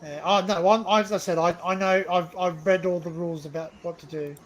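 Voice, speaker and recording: A man's voice: high voice, fairly even intonation, fairly quick, a little hiss or hum. A man hosting a live stream, chatting casually, joking and rambling and swearing freely. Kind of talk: casual chat.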